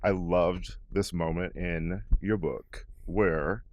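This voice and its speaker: A man hosting an interview, asking curious questions in a relaxed, conversational way. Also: sits low, takes it slowly, muffled recording. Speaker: podcast host.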